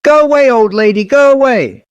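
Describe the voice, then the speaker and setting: A man voicing a hateful living toy doll with a flat, quacking voice. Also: extremely high pitch, moderate pace, clear, resonant tone, dry recording, lo-fi sound, pitched above the performer's own voice. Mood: hostile. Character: shrill angry living toy doll, female.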